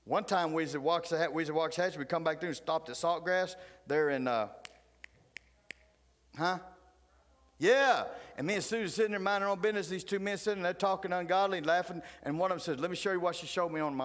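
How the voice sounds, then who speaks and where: A man's voice: a little high, quick pace. Fiery preacher man in reverberant church. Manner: folksy, fiery, swings between loud outbursts and hushed asides. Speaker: pastor. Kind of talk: animated storytelling sermon. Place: church sanctuary.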